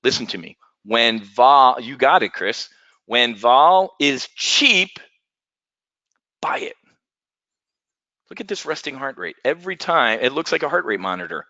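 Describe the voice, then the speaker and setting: A man hosting a live trading webinar, talking in a folksy, jokey, animated patter. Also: medium pitch, brisk, few pauses, no echo, highs cut off.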